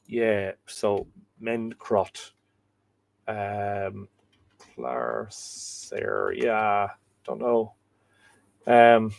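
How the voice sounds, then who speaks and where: Irish guy reading out chat comments live, umming and pausing a lot, dry throat. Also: medium pitch, vocal fry. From Ireland. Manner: hesitant, many ums and uhs, thinks aloud. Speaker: host of a live myth reading show.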